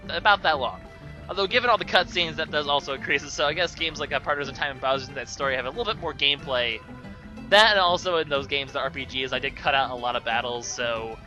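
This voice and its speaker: A young man talking through a video game in a loose, rambling way, tossing off sarcastic jokes between fillers. His voice sits fairly high and sounds very bright and sharp-edged, with faint game music playing underneath. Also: dull audio. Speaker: let's play commentator. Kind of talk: casual gameplay commentary.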